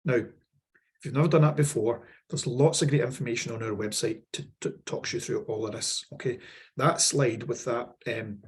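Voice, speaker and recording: A man's voice: medium pitch, husky. A man with a Scottish accent presenting a workshop, rambling with fillers and repeated words, losing his voice. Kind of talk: webinar walkthrough.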